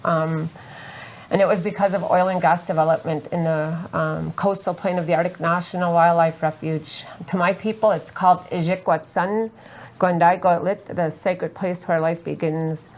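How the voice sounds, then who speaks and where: A woman from Alaska speaking earnestly on a festival panel, halting with many fillers and close to tears. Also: on the low side, fairly even intonation. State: emotional, near tears. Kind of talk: panel talk, personal testimony. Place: festival roundtable.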